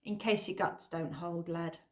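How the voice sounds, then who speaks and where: A woman's voice: fairly low pitch, fairly even intonation, a little slow, close to an everyday voice. A woman voicing a tall, robust, cheerful male goat farmer who talks in a hearty way.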